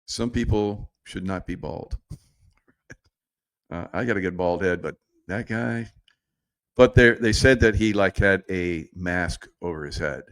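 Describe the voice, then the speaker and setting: Casual male commentator, slightly low voice, digressive and chuckling. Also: a little slow, long pauses, fairly bright tone, no echo. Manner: rambling, digressive, laughs at own jokes.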